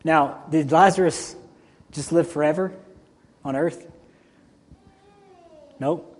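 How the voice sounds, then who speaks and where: A male pastor giving a conversational, animated sermon, swinging between loud and soft. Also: a little high, slow. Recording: long hall reverb.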